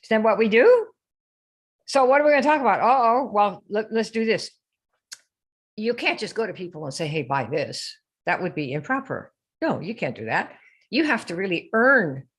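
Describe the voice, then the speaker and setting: With a somewhat high, sing-song, slightly breathy voice at a normal pace, a woman runs a live online sales coaching session. She keeps asking her listeners questions and quotes typical sales posts in a mocking sing-song.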